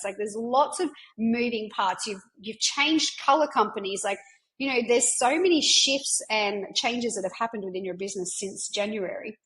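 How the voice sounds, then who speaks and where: A woman's voice: mid-range voice, fairly bright tone, low-quality recording. A woman podcast host and business mentor speaking casually, emphatic and encouraging, with lots of fillers and the odd swear word. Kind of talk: casual conversational coaching chat.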